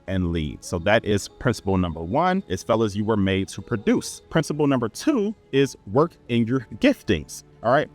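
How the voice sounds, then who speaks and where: A young adult man hosting a talk show, reading principles aloud and riffing on them in a preachy, casual way. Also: fairly low pitch. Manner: preachy, reads principles then riffs with scripture. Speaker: host.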